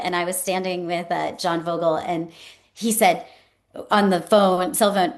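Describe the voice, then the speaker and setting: Woman host, chatty and expressive, acts out every quote, laughs easily. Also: lowish voice, normal speed. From New York State. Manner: animated storyteller, acts out quotes, laughs often. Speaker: podcast host. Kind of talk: casual conversational interview.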